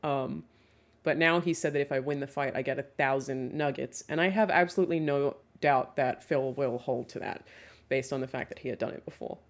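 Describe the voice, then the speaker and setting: A young woman with a deep, low voice talks casually to her stream, answering chat questions one after another. She is candid and chatty, swears without a second thought, and laughs easily between points. She speaks into a desk mic from a home streaming setup. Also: fairly quick.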